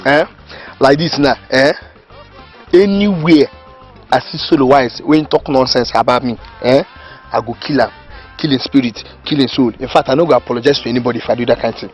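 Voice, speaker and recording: A man's voice: medium pitch, brisk, lightly acted. An actor with a Nigerian accent playing an indignant village man, accused of theft, who stammers and makes threats. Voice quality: hesitant, stammering, then threatening. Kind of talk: Nollywood comedy film acting. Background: faint background music.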